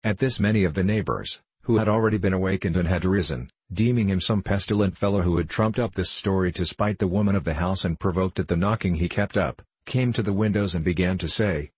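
A male narrator reads an old tale in measured, archaic storytelling. His voice is low and husky. The sound is dry and close. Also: a little mellow, no echo. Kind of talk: scripted narration of a classic tale.

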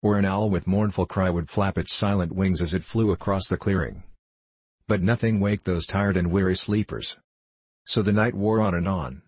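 Deep husky male audiobook narrator. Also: fairly even intonation, a little mellow, no echo. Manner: measured storytelling. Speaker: audiobook reader.

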